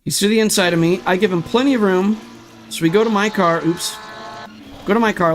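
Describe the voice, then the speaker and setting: High-voiced man ranting about racing. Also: brisk, slight background noise. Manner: frustrated, ranting, swears, talks through replay footage. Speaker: sim racing streamer. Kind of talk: ranting livestream commentary.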